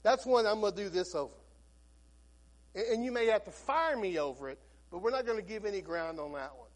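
A man's voice: high-pitched, expressive, fairly quick. A man preaching a sermon as a Baptist pastor, folksy and storytelling, with frequent restarts.

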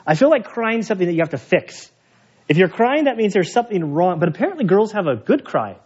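A man's voice: high voice, big pitch swings, quick pace, darkish tone, breathy edge. A man preaching an expository sermon in a church, conversational with joking asides. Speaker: pastor. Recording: dull lo-fi sermon recording.

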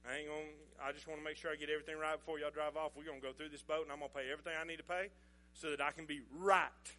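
Middle-aged man, pastor telling a sermon story, chatty, chuckling, bright tone. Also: fairly high pitch, little pitch movement, rapid-fire. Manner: folksy, chuckling, conversational.

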